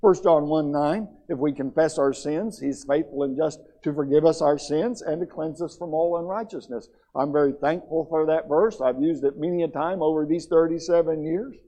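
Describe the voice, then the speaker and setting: A man's voice: fairly high pitch, moderate pace, hardly any pauses, dark tone. A middle-aged man preaching a sermon in a church, impassioned, with stammered restarts as he builds. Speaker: pastor.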